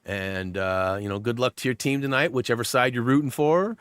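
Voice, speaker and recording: A middle-aged man hosting a casual live stream, rambling through stories with quick asides. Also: medium pitch, fairly bright tone, clear, resonant tone, no echo.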